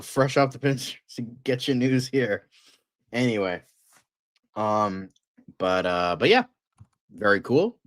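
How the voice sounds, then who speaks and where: A man hosting a casual fan news livestream, excitable and rambling, with lots of fillers and frequent swearing. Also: lowish voice, dry recording, clean studio sound.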